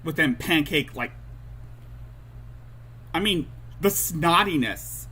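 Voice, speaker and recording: Man, livestream host, angry profane rants, slow delivery, very lively pitch. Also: slightly rough. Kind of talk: reaction commentary livestream.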